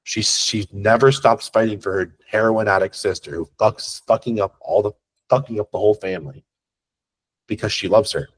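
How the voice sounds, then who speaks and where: A man with a husky voice coaches a class on sales. He talks bluntly and swears freely, rambling, restarting his sentences and tossing in quick questions to the listener. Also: on the low side, fairly even intonation. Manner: blunt, profane, conversational. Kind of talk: unscripted masterclass talk.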